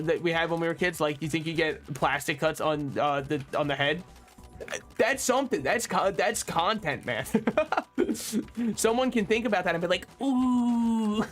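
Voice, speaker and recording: Young guy streaming a game, rambles and cracks himself up, kinda high voice, faint music behind. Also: fairly bright tone. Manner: rambling, jokey, laughs often. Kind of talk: rambling live-stream commentary while gaming.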